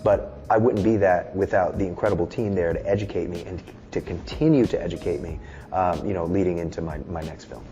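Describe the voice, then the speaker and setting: A man's voice: sits low, steady tone, fairly quick, mellow, soft background music. A man in his thirties talking in a casual interview, loose, candid and often swearing. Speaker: musician and film director, guest.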